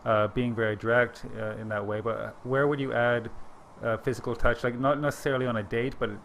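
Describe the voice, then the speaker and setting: A man hosting an interview podcast, asking loose, quick questions with many fillers. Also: mid-range voice, little pitch movement, fairly bright tone, slight background noise. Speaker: podcast host. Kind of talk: casual interview talk.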